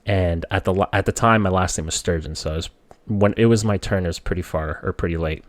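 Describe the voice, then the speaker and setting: A man from the Philippines telling a personal story in a relaxed, conversational way, his voice jumping up when he quotes himself as a child. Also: sits low, quick pace, no room sound.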